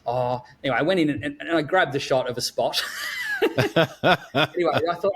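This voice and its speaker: A man's voice: on the high side, animated, fast talker, fairly bright tone. A man, a podcast guest who talks in a rambling, casual way with many fillers and frequent laughs. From Melbourne, Australia. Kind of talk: casual interview chat.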